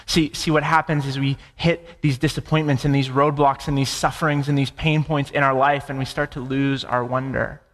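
A man's voice: mid-range voice, little pitch movement, moderate pace, few pauses, big-room sound. A man preaching a sermon, impassioned, with repeated phrases and stammered restarts. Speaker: pastor.

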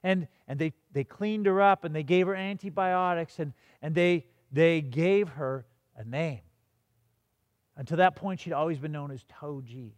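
High-voiced man preaching a sermon. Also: measured pace, no echo, in a large hall. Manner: storytelling with frequent restarts and repeated words. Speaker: pastor.

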